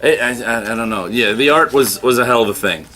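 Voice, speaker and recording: A man's voice: medium pitch, fast talker, bright, forceful tone, slight background noise. A man reviewing comic books in casual podcast chat, rambling and stammering through restarts.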